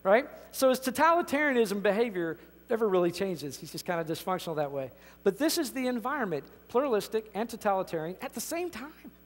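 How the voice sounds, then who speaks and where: A man's voice: sits high, sing-song, fast talker. A man preaching a sermon as pastor, emphatic and conversational, often restarting his sentences. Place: church sanctuary. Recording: reverberant church hall.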